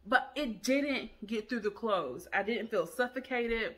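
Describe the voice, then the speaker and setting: Bright, chatty woman reviewing products. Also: a little high, lively intonation, measured pace. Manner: chatty and enthusiastic, addresses viewers as y'all. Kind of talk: casual product review vlog.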